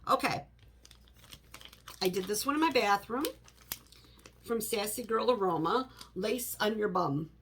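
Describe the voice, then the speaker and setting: A woman's voice: medium pitch, animated, unhurried, pauses often, a bit bright, a little hiss or hum. A middle-aged woman chatting casually to the camera in her home office, rambling with many "you know" asides. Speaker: home fragrance vlogger.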